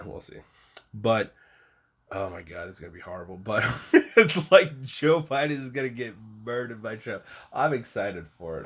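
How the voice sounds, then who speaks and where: Male commentator ranting on politics, mid-pitched, profane, exasperated, mocking, loud bursts falling to mutters. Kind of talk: angry political rant.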